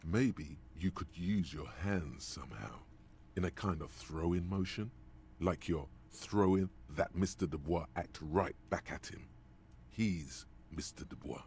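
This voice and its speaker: An actor voicing a video game's cruel, knowing inner narrator who speaks in a slow, ominous, taunting way. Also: male voice, low-pitched, a little mellow, slight background noise. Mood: scornful. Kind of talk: game narration.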